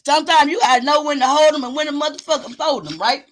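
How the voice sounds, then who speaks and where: On her own live stream, a woman whose voice sits high talks fast in a steady tone, speaking right to her viewers. She is loud and preachy, exclaiming, whooping and cursing throughout.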